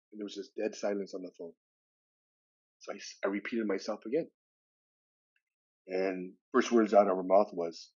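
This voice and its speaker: A man's voice: fairly low pitch, moderate pace, long pauses, breathy edge, lo-fi sound. Older man telling a story. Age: 60s. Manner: lively retelling with acted-out dialogue. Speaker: podcast guest. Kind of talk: personal storytelling.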